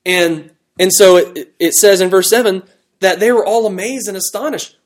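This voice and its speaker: A man teaching a Bible study class, talking in a conversational, animated way with fillers and restarts. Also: high voice, moderate pace. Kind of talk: classroom Bible lesson with fill-in notes.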